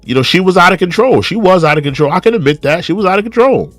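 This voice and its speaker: A man's voice: sits high, lively intonation, fast, dry recording, soft background music. A young man hosting a reaction video, casually commenting on a clip, repeating rhetorical questions and reading viewer comments aloud. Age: young adult.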